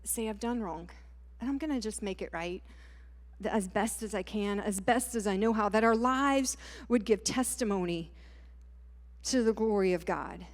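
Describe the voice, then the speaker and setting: A woman, giving a personal testimony sermon at a conference in a lively storytelling way. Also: medium pitch, moderate pace. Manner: lively storytelling, many "like" and "y'all". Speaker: conference speaker. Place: large church hall. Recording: hall with long reverb.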